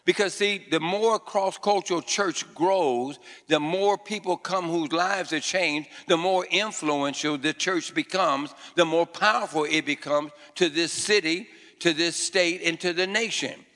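Pastor, male, call-and-response preacher with a bright, ringing, fairly high voice, recorded in a church hall with long reverb. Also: measured pace, hardly any pauses. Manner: call-and-response preaching, repeats phrases and quizzes the congregation; fervent declarations in a raised voice. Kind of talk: sermon. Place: church sanctuary before a congregation.

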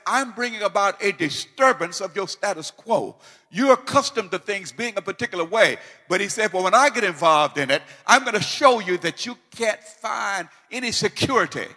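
A man preaching with a high, bright, ringing voice that swings from quiet teaching to loud, fervent repetition. His voice echoes with a long reverb, as in a large hall. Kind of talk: sermon.

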